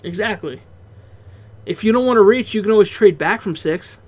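High-voiced man talking football casually. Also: moderate pace. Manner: relaxed, swears freely, breaks off into laughs. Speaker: podcast co-host. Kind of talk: casual sports chat.

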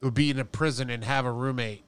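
A man chatting casually as a podcast guest, often restarting his sentences and pausing on fillers. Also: medium pitch, fairly even intonation, a bit bright, clean tone. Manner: halting, with many restarts and fillers. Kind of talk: casual chat.

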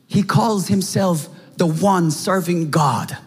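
A Korean-accented male preacher delivers a slow, dramatic sermon, dropping to hushed tones and rising to shouts. His voice is high and a little husky. It rings out in a reverberant hall over soft music. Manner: dramatic retelling, acting out mockers with shouts.

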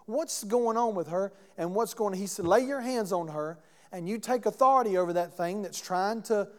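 In a church sanctuary full of lingering reverb, a male pastor with a high voice preaches at a normal pace. His sermon unfolds as a conversational story punctuated by questions to the congregation.

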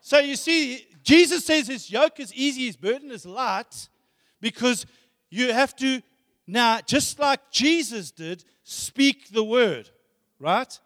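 A man preaches emphatically, repeating phrases and asking rhetorical questions. His voice sits very high and close to the mic, while a long hall reverb rings out around each phrase. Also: lively intonation, takes it slowly, fairly bright tone. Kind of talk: sermon.

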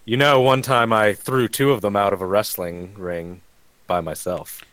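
Lowish-voiced man boasting at a game. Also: steady tone, moderate pace, a bit bright, dry recording, low-quality recording. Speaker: player. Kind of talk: tabletop chat.

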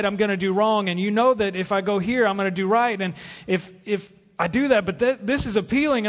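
A man preaches in an earnest, paused way. His voice sits fairly high for a man. The sound carries the long reverb of a church sanctuary. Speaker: pastor. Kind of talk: sermon.

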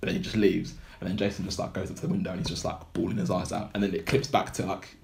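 A young man talks casually on a podcast, his voice sitting on the low side. He rambles, piling up fillers and restarts as he retells a story. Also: little pitch movement, rapid-fire, vocal fry, slight background noise. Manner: rambling, heavy use of filler words. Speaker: podcast co-host. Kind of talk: casual chat, retelling a film plot.

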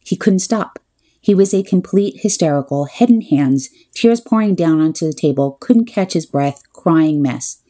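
A woman with a low, mellow voice recounts a comic personal story. Her delivery is wry and deadpan, with exasperated asides. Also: moderate pace.

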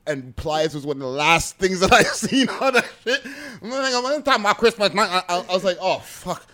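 Man, casual podcast chat, animated, swears a lot, high voice that swings all over. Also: normal speed. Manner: animated, swearing, laughing often. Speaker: co-host.

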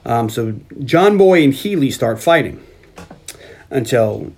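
A podcast co-host recapping a film in casual chat, animated and swearing freely. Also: medium pitch, slow.

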